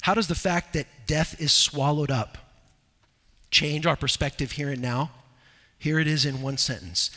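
High-voiced, bright-toned male preacher. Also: a little slow, big-room sound. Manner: swings from loud, urgent exhortation to low, quiet earnestness. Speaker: pastor. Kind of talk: expository sermon. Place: church sanctuary.

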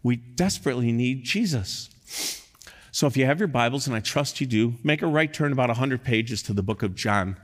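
A man preaching a sermon, reading scripture aloud and rising to loud, emphatic peaks. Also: mid-range voice, animated, brisk, long reverb tail. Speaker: pastor.

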